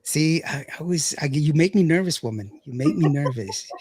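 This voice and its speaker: A man's voice: on the high side, lively intonation, moderate pace, crowd noise. A man hosting a radio show, chatting casually, reading out viewer comments and laughing often. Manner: chatty, laughs often, stumbles over words.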